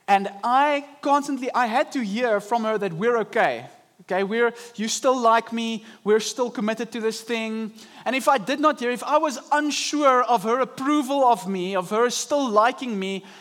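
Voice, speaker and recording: Young male pastor, high-pitched, animated sermon delivery. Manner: animated preaching, acting out inner voices. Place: church service.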